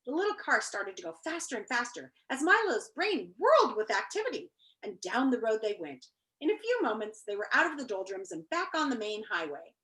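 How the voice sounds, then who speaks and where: A teacher reading a children's book aloud to her class over a video call. Her high, bright voice swings widely up and down as she reads with lots of expression. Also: very animated, a little fast. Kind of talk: storybook read-aloud.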